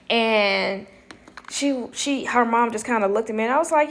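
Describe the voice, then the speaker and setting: A woman tells a casual story to camera. She is animated and lively, acting out what people said. She laughs often as she talks. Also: fairly high pitch, a little slow. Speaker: storyteller vlogger.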